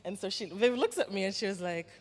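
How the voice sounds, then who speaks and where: Animated Jamaican woman telling a story. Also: mid-range voice, fast. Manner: animated storyteller, acts out quoted voices. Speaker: actress and guest speaker. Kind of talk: symposium Q&A answer, storytelling. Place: symposium hall. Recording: reverberant hall.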